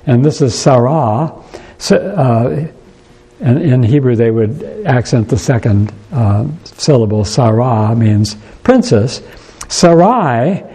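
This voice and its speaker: A man preaches a sermon in a church with a warm, mellow voice at an ordinary pitch. He talks in an unhurried, thoughtful way. He often pauses and restarts his sentences as he works through a point. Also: lively intonation, slightly rough, poor audio.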